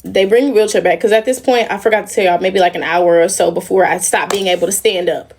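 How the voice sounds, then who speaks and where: Gravelly-voiced woman telling a story to her livestream. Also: medium pitch, fast, darkish tone. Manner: emotional, rambling, addresses viewers directly. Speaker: livestream host.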